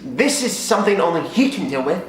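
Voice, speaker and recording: A man's voice: high voice, very animated, a little fast, a little hiss or hum, pitched above the performer's own voice. A young man voicing his exasperated, harried mother in a whiny, raised voice, recorded in a very echoey room.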